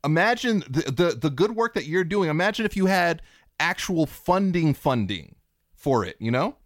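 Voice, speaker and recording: A man hosts a casual podcast chat, speaking in an expressive, emphatic way and now and then tripping over his words. His voice is somewhat high and swings widely in pitch. The sound is dry and close. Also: dry recording. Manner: expressive, emphatic, slightly halting. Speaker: podcast host.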